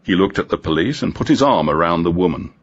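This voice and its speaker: A man reads a crime story aloud in a low, husky voice. His pitch moves a lot as he narrates. The recording is dull and lo-fi. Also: expressive, quick pace. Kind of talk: audiobook crime story reading.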